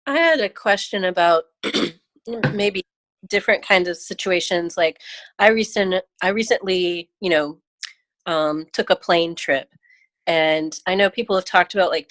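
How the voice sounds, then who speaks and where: A woman joining a group video call who asks her question hesitantly, with a lowish voice. Her sound is dry and close. She feels her way through her words with pauses. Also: a bit bright, no echo. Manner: hesitant, lots of fillers and restarts. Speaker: participant asking a question.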